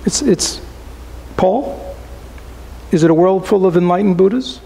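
Buddhist teacher guy chatting a dharma talk, really gravelly, keeps going "right?". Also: high voice, a little slow, a little hiss or hum, poor audio. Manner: keeps asking rhetorical questions, tags with "right?"; relaxed, conversational teaching. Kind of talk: dharma talk to a small group.

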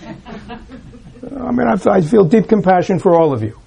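A man giving a reflective Buddhist dharma talk to a room of listeners, posing rhetorical questions and often dropping his voice to a hush. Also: high-pitched, expressive, measured pace, vocal fry, poor audio. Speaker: Buddhist teacher. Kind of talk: dharma talk to a live audience. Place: room with a gathered audience.

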